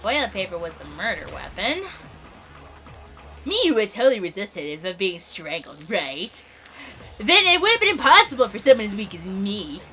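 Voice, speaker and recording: A woman's voice: mid-range voice, big pitch swings, normal speed, bright, forceful tone, soft background music. A woman voicing a sly, teasing young male trickster in a smug tone. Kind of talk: reading game dialogue aloud in a voice.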